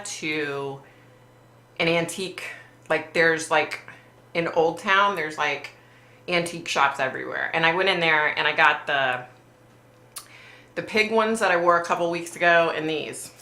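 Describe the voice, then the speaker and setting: A woman's voice: deep voice, bright, forceful tone. A woman hosting a live stream, chatting casually, reading viewer comments and swearing bluntly with a giggle. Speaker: livestream host. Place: warm room under bright lights. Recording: roomy echo.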